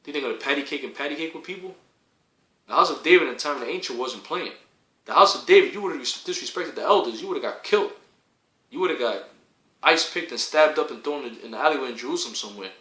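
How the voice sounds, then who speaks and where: Preaching in a fast, animated voice pitched a little high, a man launches into a foul-mouthed tirade, hammering the same points and climbing into shouts. His tone is bright and forced, and it rings through an echoey space.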